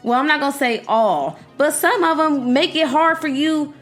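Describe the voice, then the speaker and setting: A young woman hosting a podcast, giving animated, outspoken commentary straight to her listeners. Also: high-pitched, normal speed, soft background music. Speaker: podcast host. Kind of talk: casual commentary to her audience.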